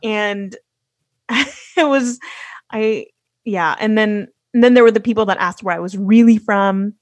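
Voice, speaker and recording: A woman's voice: medium pitch, measured pace, no echo. Young woman telling stories, dry sound. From United States. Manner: storytelling with many fillers and restarts. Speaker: podcast guest. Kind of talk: casual conversation.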